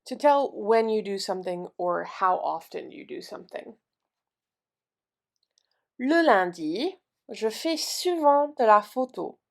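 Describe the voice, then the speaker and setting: Slow, gravelly-voiced woman teaching French. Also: medium pitch, darkish tone. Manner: slow, patient drilling with repeated words. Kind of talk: vocabulary lesson, repeating words then translating.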